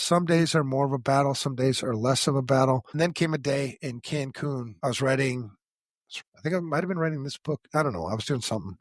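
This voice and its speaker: Middle-aged guy on a podcast, husky voice, cussing a lot, real blunt and open. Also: mid-range voice, a little fast, dry recording, clean studio sound. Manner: blunt and profane, frank about his struggles. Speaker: podcast co-host. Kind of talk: candid personal storytelling.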